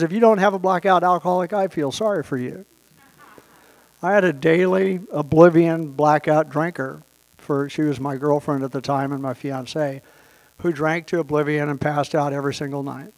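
A man's voice: on the high side, darkish tone. A man telling a long personal story with wry humor, briefly quoting other people as he goes. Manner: wry, anecdotal, quotes people in brief voices. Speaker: speaker sharing his story at a recovery meeting.

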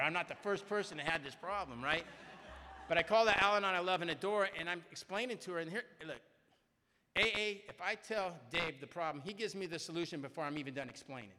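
Middle-aged male speaker, chatty storyteller, bright voice, reverberant hall. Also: fairly high pitch, a little hiss or hum. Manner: conversational storyteller, often asks "right?". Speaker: recovery meeting speaker. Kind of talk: personal story told to a crowd.

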